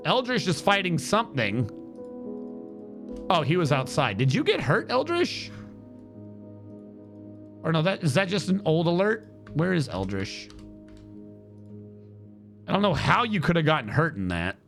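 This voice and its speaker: A man streaming a game with casual commentary, animated and exasperated, swearing freely and talking to chat. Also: on the high side, measured pace, creaky, pauses often, faint music behind.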